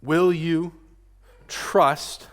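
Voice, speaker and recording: A male pastor preaching a sermon. He swings between loud emphasis and hushed, near-murmured lines, and often checks in with the room by asking "right?". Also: on the high side, steady tone, very slow. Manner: frequent rhetorical "right?" tag questions. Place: church sanctuary. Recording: long reverb of a church sanctuary.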